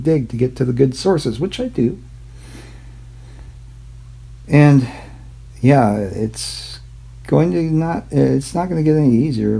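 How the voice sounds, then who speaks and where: A man's voice: medium pitch, creaky, dark tone, breathy edge, low-quality recording. A man hosting his own channel, rambling casually and irreverently about old maps, swearing and mocking himself. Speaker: YouTube channel host.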